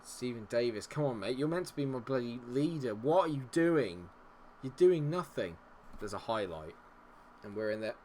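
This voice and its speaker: Excitable man yelling at a game. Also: fairly low pitch, slight background noise. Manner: excitable, swears, swings from muttering to yelling. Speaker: gaming streamer. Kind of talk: live game commentary.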